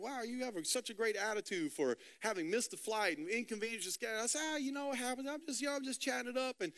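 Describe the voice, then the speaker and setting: A man's voice: high voice, a bit bright. A man preaching a sermon, telling stories and acting out quoted dialogue, often repeating words as he goes. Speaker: pastor.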